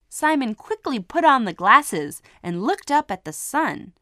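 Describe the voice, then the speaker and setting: A woman reads a children's story slowly and expressively. Her pitch rises and falls widely, her voice sits a little high for a woman, and the sound is dry and close. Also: big pitch swings, a bit bright, no echo.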